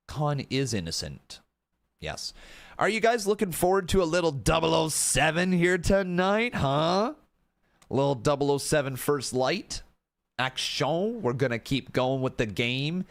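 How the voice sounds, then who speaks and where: Young guy streaming a watch-along, slow easy talk, laughs a lot, says bro constantly. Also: fairly high pitch, creaky. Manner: excitable, laughs a lot, talks to chat as "guys" and "bro". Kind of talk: casual live-stream commentary.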